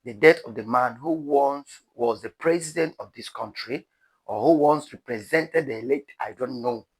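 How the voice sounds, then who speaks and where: A news vlogger with a Nigerian accent speaks to camera at a moderate pace, his husky, medium-pitched voice carrying dramatic, pleading commentary for his viewers.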